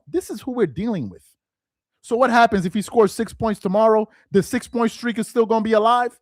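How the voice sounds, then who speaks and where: This male sports host delivers a fast-talking rant to camera, his high voice swinging widely with lively intonation and scornful disbelief. Rhetorical questions pile up, words repeat as he stumbles in his agitation, and he builds to shouts, all captured in a close, dry recording.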